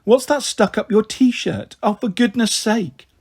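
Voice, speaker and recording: A man's voice: high voice, a little slow, darkish tone, husky, pitched above the performer's own voice, heavily acted. A man reading aloud, voicing a stern, fussy mother who scolds her daughters in a storybook. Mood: scolding. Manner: scolding, exasperated.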